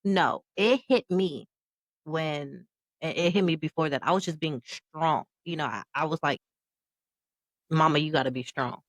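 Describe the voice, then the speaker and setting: A woman's voice: sits low, measured pace, no room sound, low-quality recording. A woman in her thirties co-hosting a podcast, recounting a personal story with candid emotion. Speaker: podcast co-host. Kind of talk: casual podcast conversation.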